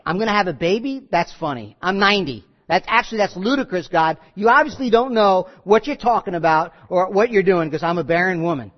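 A man's voice: sits high, lively intonation, fairly quick, hardly any pauses. A man voicing a sarcastic, disbelieving woman of ninety within a sermon. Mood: scoffing. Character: incredulous ninety-year-old woman, scoffing. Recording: dull sound in a reverberant hall.

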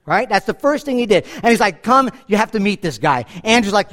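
A middle-aged man preaching a sermon as pastor, telling stories and swinging from hushed asides to loud emphasis. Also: high voice, lively intonation, brisk, few pauses.

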